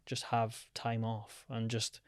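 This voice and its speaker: A young man talking casually on a podcast, rambling and filling gaps with "um" and "like." His voice is smooth and clear, recorded close and dry with no room sound. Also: medium pitch, monotone, slow, no room sound. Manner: chatty, rambling with fillers. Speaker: podcast guest, freelance photographer. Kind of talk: casual chat.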